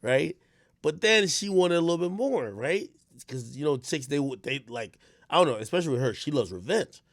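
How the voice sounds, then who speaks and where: Animated rambling man, lively pitch swings. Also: normal speed, dry recording, studio quality. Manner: rambling, animated, swings from low mutters to shouts; frequent stammered restarts and fillers. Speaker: streamer host. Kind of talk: casual stream commentary.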